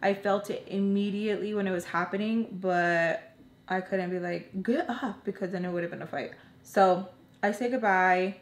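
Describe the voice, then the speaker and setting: A woman's voice: medium pitch, steady tone, moderate pace. A young woman telling a personal storytime while doing her makeup, chatting casually with her viewers. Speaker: vlogger. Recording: roomy echo.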